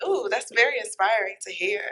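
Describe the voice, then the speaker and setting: A woman chef hosting a cooking show, chatting casually with enthusiastic, quick affirmations. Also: mid-range voice, a bit bright. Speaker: host and chef.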